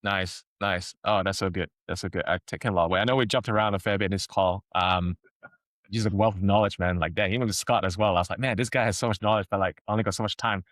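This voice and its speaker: A man's voice: sits low, fairly even intonation, fast, a bit bright, dry recording. A man hosting a podcast over a video call, talking casually with lots of fillers. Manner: casual, filler-heavy, says like often. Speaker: podcast host. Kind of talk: casual interview chat.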